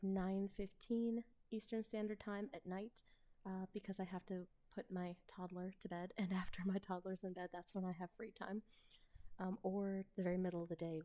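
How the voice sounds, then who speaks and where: A woman with a Midwestern American accent, chatting casually and hesitantly on a live stream, now and then slipping into soft whispers. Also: mid-range voice. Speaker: ASMR role-play streamer.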